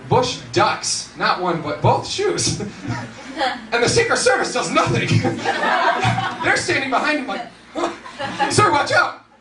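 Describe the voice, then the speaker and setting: A young man doing stand-up comedy in a large hall, animated and laughing often, with bursts of shouting. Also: very high-pitched, slow pace, over music. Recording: roomy hall, distant mic, noisy.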